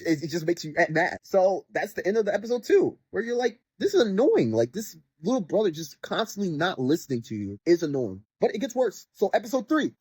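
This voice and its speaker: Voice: mid-range voice, darkish tone, husky, dry recording. A podcast host rambling through an exasperated casual rant, reviewing a video game and packed with filler words. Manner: sarcastic mock voices when quoting characters.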